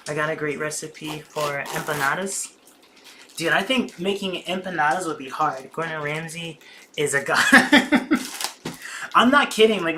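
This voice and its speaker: A young adult livestream host who chats casually and excitably while cooking in a home kitchen. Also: mid-range voice, noisy background. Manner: excitable, chatty, slangy.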